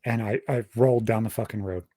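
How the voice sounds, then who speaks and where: A man's voice: fairly low pitch, fast talker, no echo. A young man casually telling a long story on a podcast, swearing constantly and rambling through details. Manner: profane, rambling, animated storytelling. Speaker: podcast host.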